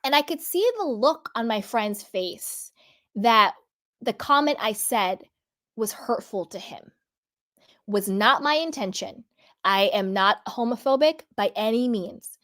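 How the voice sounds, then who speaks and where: A woman's voice: on the high side, lively intonation, a little slow, fairly bright tone. A woman hosting a reality TV commentary vlog, speaking earnestly and candidly and stretching out the words she wants to stress. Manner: candid, personal storytelling. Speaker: vlog host.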